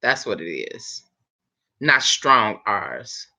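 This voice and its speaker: Over dull, lo-fi stream audio, a woman who does hair chats casually and laughingly with her live viewers, addressing them directly. She has a bass voice that's bright and forceful, with a sing-song lilt, drawn-out words, and some creak.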